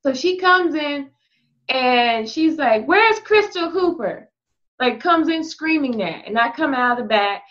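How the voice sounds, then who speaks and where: A woman guest on a podcast, telling an explicit anecdote in a frank, lively, casual way. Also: high-pitched, a little slow, muffled recording. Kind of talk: casual candid storytelling.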